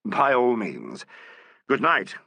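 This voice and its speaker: Alleyn: man doing a dry, courteous male detective, lively pitch, bright and crisp, storybook reading. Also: no room sound, full character voice. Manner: polite, dry, measured. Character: grave courteous male Scotland Yard inspector.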